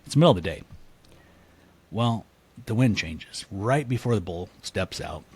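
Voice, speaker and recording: A man, a podcast guest, telling a story in a casual, animated way, laughing often and acting out what people said. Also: lowish voice, normal speed, husky. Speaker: podcast guest, elk hunter.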